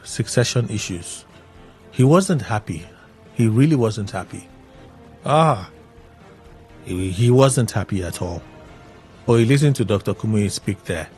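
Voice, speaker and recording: Animated radio host, man. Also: lowish voice. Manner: animated, exclaims and laughs as he recaps. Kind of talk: casual radio commentary.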